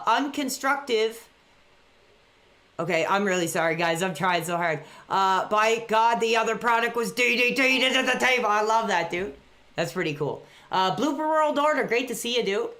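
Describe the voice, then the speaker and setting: A woman chatting casually on a live stream, reading out messages from viewers and reacting excitedly to a wrestling match from a dark room at home. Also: medium pitch. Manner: chatty, reads out chat messages between excited play-by-play reactions.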